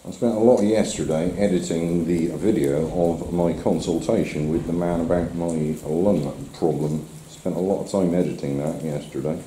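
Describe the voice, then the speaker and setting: A middle-aged man with a low, mellow voice and fairly even intonation walks his dog on a rainy seafront, talking at a normal speed with few pauses. He chats casually to the camera and the dog, often teasing himself, in a rough handheld recording with faint outdoor noise.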